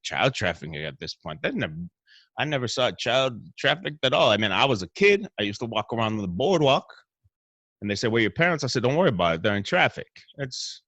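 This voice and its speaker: The show host, a man with a Northeastern Pennsylvania accent, meanders through a profane comic monologue in a hotel room and keeps restarting. His voice is fairly low and a bit bright, and the recording is dry.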